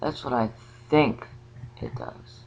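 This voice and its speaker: Woman vlogger, casual spiritual musing, halting delivery, dull lo-fi sound. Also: rumbling low, wildly swooping pitch, creaky, darkish tone. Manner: rambling, halting, with many restarts and fillers.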